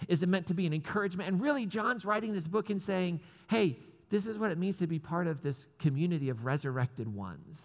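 Casting: man, pastor, relaxed joking sermon delivery, slightly high voice, long hall echo. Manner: casual, joking asides with laughs.

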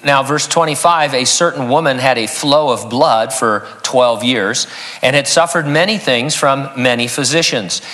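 Bright-voiced man preaching a sermon. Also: mid-range voice, moderate pace. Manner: earnest, teaching, reads scripture aloud. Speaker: pastor. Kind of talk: expository sermon.

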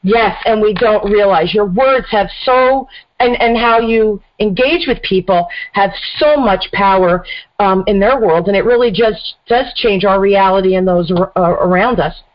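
A woman's voice: medium pitch, unhurried. Woman host telling a story on lo-fi radio. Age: middle-aged. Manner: storytelling, animated retelling. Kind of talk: casual chat. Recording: dull lo-fi radio audio.

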